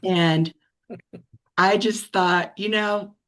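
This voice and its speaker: A woman sharing a personal story in a relaxed, reflective way, with many restarts and soft laughs, on a video call. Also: mid-range voice, very slow. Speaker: practice group member sharing a story.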